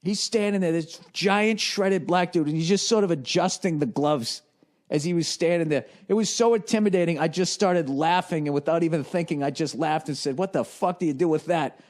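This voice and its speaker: A man's voice: a little high, fairly quick. A man in his forties with a Boston accent, telling a rambling, profane comic story on his podcast and mimicking the people in it. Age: 40s. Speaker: comedian and podcast host.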